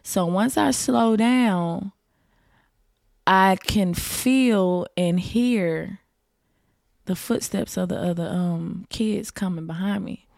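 Woman podcast guest, unhurried, vivid storyteller. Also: medium pitch, creaky, darkish tone, no room sound, clean studio sound. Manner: vivid storyteller, addresses listeners as y'all. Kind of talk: casual storytelling.

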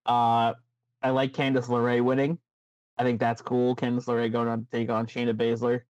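A man's voice: mid-range voice, completely flat delivery, moderate pace, darkish tone, clean tone, no echo, dull audio. A man co-hosting a casual podcast, telling a made-up show story in a chatty way. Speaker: podcast co-host. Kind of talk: casual chat, recapping a made-up wrestling show.

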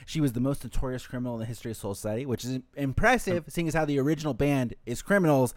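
A man co-hosting an anime rewatch podcast in casual chat, swearing freely and slipping into quick impressions of characters. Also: mid-range voice, no room sound. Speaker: podcast co-host and editor.

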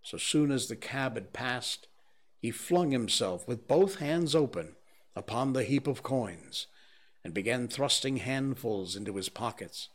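Male audiobook narrator, measured and grave, mid-pitched, unhurried. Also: lively intonation. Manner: slow, measured, grave reading. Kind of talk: scripted narration.

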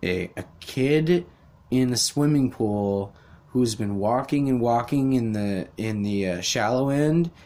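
A young podcast host delivers a rambling, profane rant full of sarcastic asides and mocking voices. His medium-pitched voice is a little mellow, and he speaks a little slowly.

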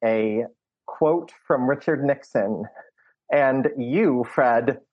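Halting man discussing films, muffled sound. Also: medium pitch. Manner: hesitant, many restarts. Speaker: podcast co-host. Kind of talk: casual film discussion.

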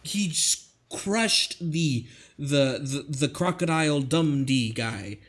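A man's voice: on the high side, animated, takes it slowly, fairly bright tone, breathy edge. A man co-hosting a casual podcast, joking and profane in an incredulous way. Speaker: podcast co-host. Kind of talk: casual comedic chat.

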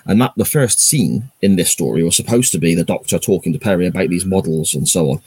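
A man's voice: sits low, fast talker, darkish tone, breathy edge, dry recording. A man co-hosting a podcast in casual chat, explaining plot points at length. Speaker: podcast co-host.

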